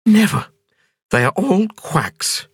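A woman's voice: sing-song, slow, husky, dry recording, clean studio sound, exaggerated voice. A man voicing a young female doctor, dazed and stubborn after a crash, in a storybook reading. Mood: indignant. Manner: high, insistent exclamations.

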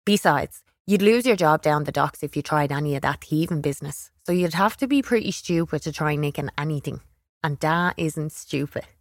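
A woman reading a first-person children's story aloud in a wry, expressive way on a close studio mic. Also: deep voice, moderate pace, dry recording. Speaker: audiobook reader.

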